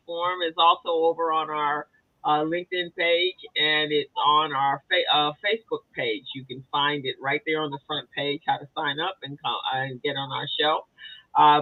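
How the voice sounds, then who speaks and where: A woman's voice: low voice, no echo, phone-quality sound. A woman with an upstate New York accent, co-hosting a casual business chat show and talking in a chatty way full of fillers and restarts. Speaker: co-host. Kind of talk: casual video-call chat.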